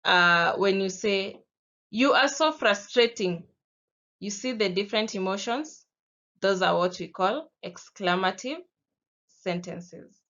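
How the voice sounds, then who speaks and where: Kenyan woman teacher, slow and patient delivery, dull lo-fi recording; reads well for a classroom lesson. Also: mid-range voice, pushed and bright. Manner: slow, patient, explaining with spoken examples. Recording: dull lo-fi sound.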